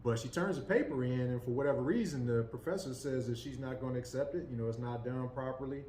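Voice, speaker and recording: A man co-hosting a casual podcast, recounting a news story in a measured way and hedging with "kinda" and "basically". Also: medium pitch, mellow. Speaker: podcast co-host. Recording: echoey room with faint noise.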